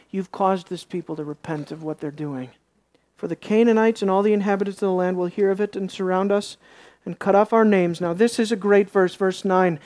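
A preacher giving a sermon, reading scripture aloud and asking the congregation questions, dropping into soft low asides and rising into sharp emphasis. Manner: reads scripture aloud and asks the listeners questions.

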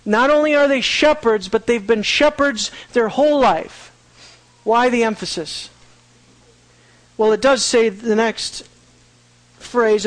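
A man's voice: high voice, unhurried, no room sound, low-quality recording. A man teaching a sermon, reading scripture aloud and asking his listeners rhetorical questions. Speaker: Bible teacher.

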